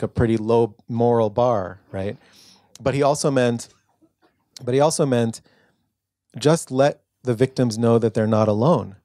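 At a bookstore event, a male author and lecturer answers a question from the audience, telling it like a story with real earnestness and restarting himself often. His voice is medium in pitch and mellow, captured with studio quality and no echo.

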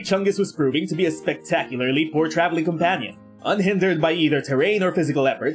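Man, gaming video creator, reading game text aloud, animated, exclamatory, slightly high voice, faint guitar music.

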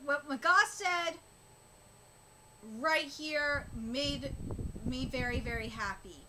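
A woman giving a live reaction commentary as a streamer, emotional and close to tears, talking in halting bursts with many fillers and restarts. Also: high-pitched, background noise. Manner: emotional, gushing, on the verge of tears.

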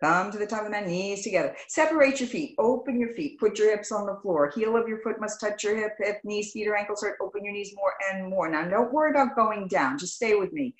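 A woman yoga instructor teaching a live class over a video call, calling out poses in brisk, clipped commands and greeting students warmly by name. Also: mid-range voice, echoey room, rough recording. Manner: brisk rapid-fire commands in short clipped phrases. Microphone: video call microphone.

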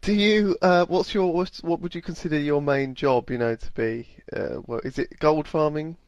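A man's voice: fairly high pitch, normal speed, dry recording, dull audio. A man from England hosting a podcast, chatty and playful, laughing easily and quizzing his co-host. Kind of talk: casual comedy chat.

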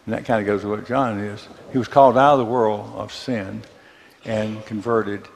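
A man from Mississippi with a Southern accent, teaching a church Bible class in a conversational way, asking the class questions and pausing on fillers. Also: fairly low pitch, fairly even intonation, gravelly, big-room sound, a little hiss or hum.

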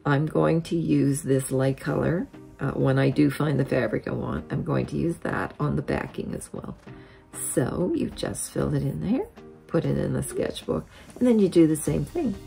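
A woman hosting a quilting software tutorial, explaining each step methodically as a voice-over. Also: low-pitched, lively intonation, moderate pace, vocal fry, soft background music.

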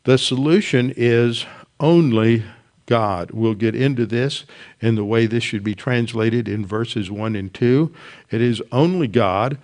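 A man preaching a Bible study sermon, reading psalm verses aloud and explaining them with steady emphasis and occasional restarts. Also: mid-range voice, a little slow. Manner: teaching verse by verse, quoting scripture with rising emphasis. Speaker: Bible teacher.

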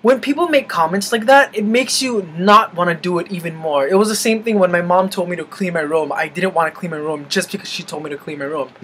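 A young man venting in a casual vlog, animated and swearing freely. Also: high voice, fairly quick, few pauses, a little hiss or hum, poor audio. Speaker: vlogger.

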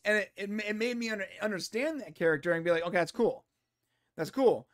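High-voiced man, animated review chat. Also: fast. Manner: animated, acts out characters' lines in quotes. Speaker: podcast co-host. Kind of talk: casual movie review chat.

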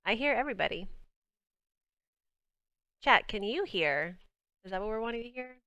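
A young woman with a Southern US accent hosts a game livestream, chatting bubbly and casually with viewers while she plays. Her voice is on the high side, animated and sharp, at normal speed. The recording is dry with the highs cut off.

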